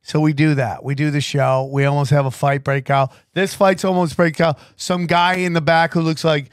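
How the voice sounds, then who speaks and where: A man hosting a podcast, telling a road story in an animated way with frequent restarts. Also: on the high side, normal speed, no room sound, studio quality. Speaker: podcast host. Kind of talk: casual storytelling chat.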